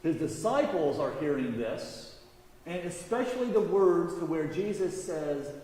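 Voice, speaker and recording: Male priest, measured storytelling sermon; fairly high, mellow voice, long church reverb, faint background noise. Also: lively intonation.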